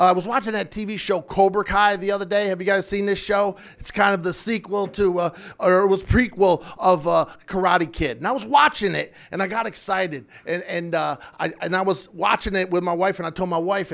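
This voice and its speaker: A man's voice: high voice, gravelly. A man in his fifties performing a self-deprecating stand-up comedy routine on a club stage, with punchy delivery. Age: 50s. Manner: self-deprecating, punchy, shouts sound effects. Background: audience laughter.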